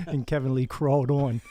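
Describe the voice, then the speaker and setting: A man's voice: mid-range voice, warm tone. A man co-hosting a podcast with his son, adding short, dry remarks in casual chat. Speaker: podcast co-host, the host's father.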